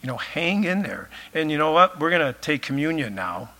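A man delivers a sermon in a casual, chatty way, peppering his points with filler phrases. His voice is bright and forward, though it is starting to wear thin as he loses it. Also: a little high, very animated, normal speed. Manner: conversational, many filler phrases. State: losing his voice. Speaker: pastor.

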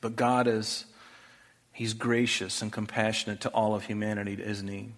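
A male pastor preaching a sermon earnestly, often dropping to a soft voice for rhetorical questions. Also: on the low side, level tone, moderate pace.

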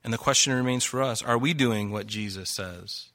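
Preaching at a normal pace, an adult male pastor reads from scripture and hits the audience with forceful rhetorical questions. His voice is medium in pitch and a bit bright.

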